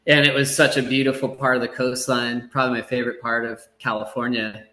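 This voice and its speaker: Bright-voiced man telling easygoing stories. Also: medium pitch, fast, echoey room. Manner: relaxed, rambling, many fillers and acted-out quotes. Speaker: surf broadcaster, podcast guest. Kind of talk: casual storytelling in a podcast interview.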